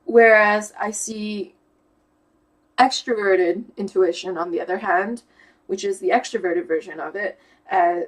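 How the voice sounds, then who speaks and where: Young woman chatting to her camera, slow and reflective, lots of ums and restarts. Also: medium pitch, rough recording. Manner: thoughtful, searching for words with fillers and restarts. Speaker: YouTuber explaining personality type. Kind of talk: casual explanatory monologue.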